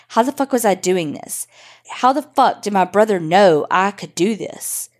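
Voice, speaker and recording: A woman hosting a podcast reads a listener's story aloud. Her delivery is wry and conversational, with swearing dropped in freely, and her voice sits at a middle pitch. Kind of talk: story reading.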